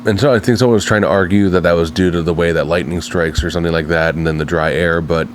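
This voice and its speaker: Fast-talking deep-voiced man. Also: steady tone, slight background noise. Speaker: guest. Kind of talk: casual chat on a livestream.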